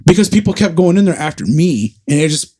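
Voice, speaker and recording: A young adult man who hosts a podcast tells a crude story in an animated way, laughing as he goes. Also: fairly high pitch, brisk. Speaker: podcast host. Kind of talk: casual storytelling.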